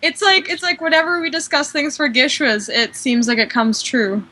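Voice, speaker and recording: A young woman co-hosting a casual fan podcast, eager and quick, asking the guest questions. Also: sits high, expressive, pushed and bright. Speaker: co-host.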